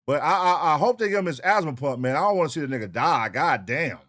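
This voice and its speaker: A man hosting a reaction show, loudly commenting in disbelief and swearing at a clip. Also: a little high, animated, quick pace, background noise. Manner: loud, incredulous, swearing commentary. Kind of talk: reacting to police footage.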